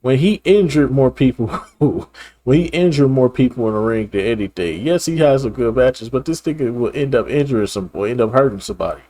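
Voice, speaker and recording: A man's voice: medium pitch, lively intonation, brisk, dark tone. A man hosting a reaction video, talking bluntly and profanely in casual commentary, laughing and repeating himself.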